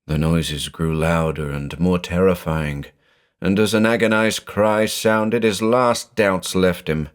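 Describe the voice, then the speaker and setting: A man narrating a horror story in a dramatic, expressive reading style. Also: low voice, takes it slowly, smooth.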